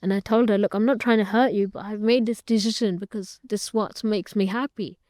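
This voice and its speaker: A woman's voice: medium pitch, steady tone, fairly quick, dark tone, no echo, clean studio sound. A young woman, a guest in an interview, earnestly recounting a personal story and retelling family conversations at length.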